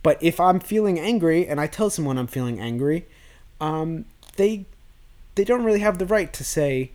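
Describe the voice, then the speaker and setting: A man with a somewhat high-pitched voice hosts a self-improvement podcast. He thinks out loud in a loose, rambling monologue, often restarting his sentences. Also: lively intonation, normal speed. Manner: rambling, with frequent restarts and fillers. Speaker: podcast host.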